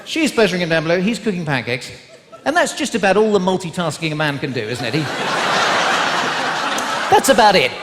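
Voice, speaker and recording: A fast-talking man with a high, fairly bright, sing-song voice works a large theatre crowd as a stand-up from England's West Country. He chats and teases them with tag questions, and the live hall recording carries the audience's laughter.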